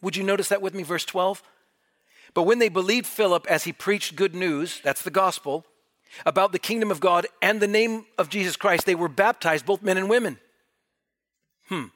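A man's voice: high voice, a bit bright. A man preaching a sermon, reading scripture aloud and pressing the congregation with emphatic rhetorical questions.

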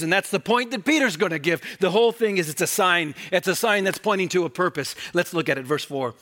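A man preaching an expository sermon, with animated swings between loud emphatic quotes and quiet asides, and frequent restarts. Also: on the high side. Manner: frequent restarts and repeated words. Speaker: pastor.

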